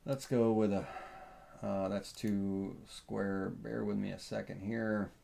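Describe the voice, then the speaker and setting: A middle-aged man with a Southern accent, hosting a live software tutorial and thinking aloud with plenty of fillers as he works. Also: fairly low pitch, takes it slowly, gravelly. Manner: relaxed, rambling, thinks aloud with many fillers.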